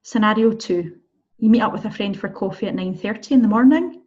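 A woman teaching a beginner Spanish lesson in a chatty, encouraging way, slowing down to model pronunciations and checking in with "okay?". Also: mid-range voice, darkish tone, husky, dull audio. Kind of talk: recorded online language lesson.

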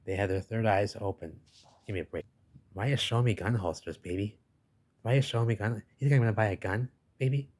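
A man's voice: lowish voice, fast talker, a little mellow. Rambling man saying "baby" a lot. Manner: rambling, says "baby" and "give me a break" often. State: losing his voice. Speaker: video host. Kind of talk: narrating over images.

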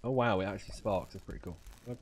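A man's voice: fairly low pitch, rapid-fire. A man streaming a video game, talking through each move aloud with plenty of swearing and playful silly voices. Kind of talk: live gameplay commentary.

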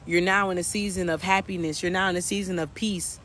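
A man's voice: high-pitched, steady tone, a little fast, bright, forceful tone, a little hiss or hum. A man working as a spiritual coach, giving a casual, preachy reading to viewers and repeating his points. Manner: preachy, repetitive, addresses viewers as y'all.

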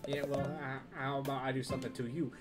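A man's voice: mid-range voice, little pitch movement, quick pace, natural voice. A man reading a bitter, scornful sea creature. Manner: scornful, complaining. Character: bitter, resentful male sea creature laborer. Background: game music.

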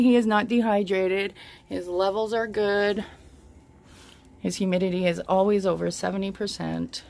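Husky, gravelly woman vlogging with her pet. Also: medium pitch. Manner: chatty, coos softly to her pet, swears casually. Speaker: reptile keeper vlogger. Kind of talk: casual handheld vlog. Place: home bedroom. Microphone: handheld camera.

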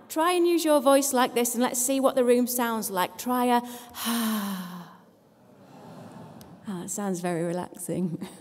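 In a live workshop, a woman from England guides seated listeners through exercises for posture, breath and sound. Her fairly high, darkish voice carries across a reverberant hall, and her manner is quick, supportive and lightly self-mocking.

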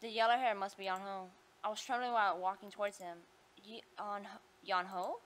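A woman reading a story game aloud, acting out the heroine's lines with expressive delivery. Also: medium pitch, normal speed. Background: game music.

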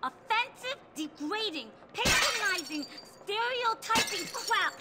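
A woman's voice: animated, a little slow, heavy background noise. An actress voicing an irate woman in a video game who rants indignantly about garden gnomes. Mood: outraged. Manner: shrill, indignant ranting.

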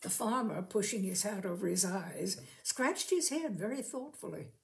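Lebhafte Vorleserin mit knarziger Stimme. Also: female voice, medium pitch, normal speed, gravelly. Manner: dramatic, lively reading. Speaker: storyteller reading a short story. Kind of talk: expressive storybook reading.

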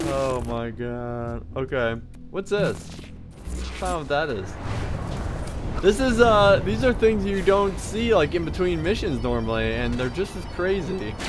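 Picture a man narrating his own gameplay in a high, bouncy voice that swings all over the place. He is excitable and quick to yelp and laugh at the chaos on screen. Loud game music and sound effects play behind him. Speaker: gaming channel host. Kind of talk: let's-play game commentary.

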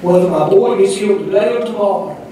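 Older pastor man preaching hard, highish voice, boomy echoey church from far off. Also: fast talker, noisy background. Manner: fiery, rhythmic preaching with repeated calls. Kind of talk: sermon. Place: church sanctuary. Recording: echoey distant room recording.

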